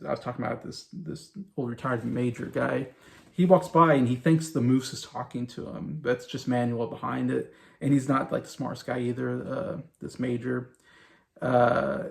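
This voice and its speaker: Rambling man with a gravelly voice. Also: medium pitch. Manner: rambling, many fillers and restarts. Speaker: show host reviewing a sitcom. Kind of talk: casual spoken review.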